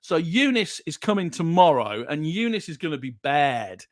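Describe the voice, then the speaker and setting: Jokey lively-voiced man hosting a stream. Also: a little high, normal speed, few pauses, no room sound, clean studio sound. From Yorkshire, England. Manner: jokey, chatty, reads viewer comments. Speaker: livestream show host. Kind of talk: casual livestream chat.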